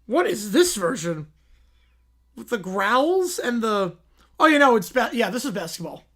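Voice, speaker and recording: A man's voice: extremely high pitch, big pitch swings, a little slow, fairly bright tone. Chatty man hosting a livestream. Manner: chatty, reacting aloud and thanking donors. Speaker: livestream host. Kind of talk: casual livestream reaction commentary.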